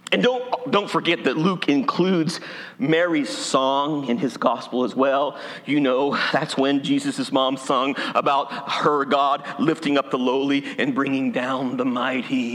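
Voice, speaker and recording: A man's voice: medium pitch, fairly even intonation, measured pace, fairly bright tone. A male pastor from Appalachia preaching a sermon in a church, folksy and humorous. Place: church sanctuary. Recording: long hall reverb.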